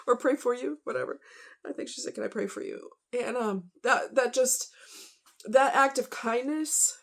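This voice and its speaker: A woman's voice: on the high side, slow pace, gravelly, long pauses. A woman telling a painful personal story off the cuff, emotional and rambling, with many fillers.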